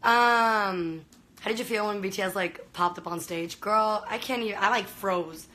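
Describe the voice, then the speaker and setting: A woman's voice: mid-range voice, normal speed, pushed and bright, slight background noise, low-quality recording. A young woman from Venezuela chatting casually on a live stream, gushing and full of fillers, talking into a phone. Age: young adult. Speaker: livestreamer.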